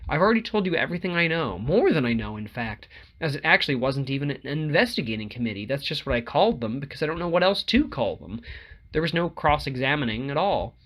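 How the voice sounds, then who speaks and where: A man's voice: a little high, big pitch swings, fast, fairly bright tone, voice pushed up, exaggerated voice. A man voicing an earnest, anxious young man.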